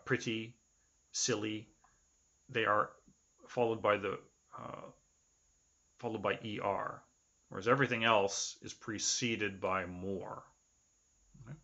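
A man with a fairly low but bright, forceful voice teaches an English grammar lecture. He explains step by step, with frequent "okay" and "uh" between his points. The recording sounds dull and lo-fi. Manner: explains patiently, filling pauses with "okay" and "uh".

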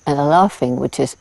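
Interviewed casually in a forest, a woman in her seventies who works as a primatologist tells stories and laughs a lot. Her voice sits low, warm and with vocal fry, but the audio quality is poor.

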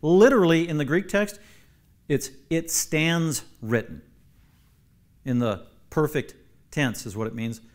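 A man's voice: on the high side, very animated, normal speed, darkish tone. A man, a pastor, teaching a Bible class, emphatic and repeating key phrases for stress while asking the class questions.

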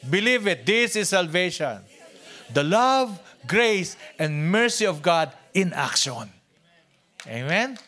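Filipino pastor guy, high voice, goes from whispery to loud and punchy, repeats himself a lot. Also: big pitch swings, takes it slowly. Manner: swings between hushed near-whispers and loud emphatic lines; repeats and restarts phrases. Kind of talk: sermon.

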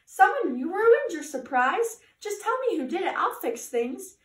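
A woman putting on a bubbly, scatterbrained fish who forgets everything, her voice pitched high and swooping all over. It sounds like a storybook read in an echoey room, heard from a little way off. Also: sing-song, unhurried, distant mic, exaggerated voice. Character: forgetful cheerful female fish.

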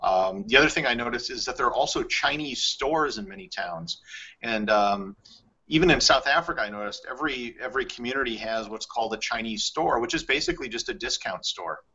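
A travel podcast host talks casually, thinking out loud and using lots of fillers. His mid-range voice is husky, bright and forceful, he speaks a little quickly, and the audio is slightly muffled.

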